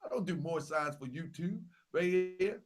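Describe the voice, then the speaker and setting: A young man hosting a casual vlog, talking through a set of photos. He repeats himself a lot and grows louder and more animated as he gets worked up. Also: fairly high pitch, moderate pace. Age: young adult. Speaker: Grand Sheik and channel host.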